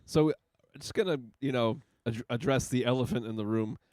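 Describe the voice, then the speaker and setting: A man's voice: medium pitch, normal speed, darkish tone, no echo, clean studio sound. A man co-hosting a podcast in casual banter, laughing often and swearing freely. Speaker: podcast co-host.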